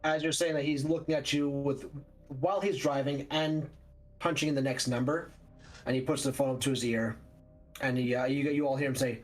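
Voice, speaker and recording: A man running a tabletop role-playing session as game master, narrating scenes in a brisk, descriptive way with the odd "um". His pitch sits in an ordinary middle range, with faint music underneath. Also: steady tone. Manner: quick, descriptive narration with fillers.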